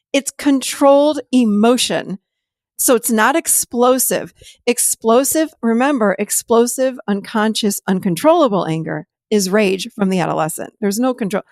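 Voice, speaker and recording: A woman with a slightly high voice hosts a podcast, explaining things in a casual, teacherly way and often acting out quoted dialogue with animation. She is a podcast host and therapist, recorded in studio quality with no room sound.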